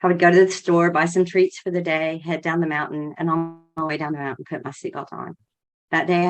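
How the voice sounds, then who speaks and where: Middle-aged female guest, low voice, emotional and close to tears. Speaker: podcast guest, former 911 operator. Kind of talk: personal account on a podcast.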